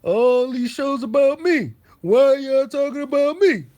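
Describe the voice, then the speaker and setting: A whiny grown man, as mimicked by a male streamer, complains in a high, loud, strained voice. He sounds defensive and petty, with each complaint rising in pitch. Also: lively intonation, measured pace. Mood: whiny mocking. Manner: whining, high-pitched mockery.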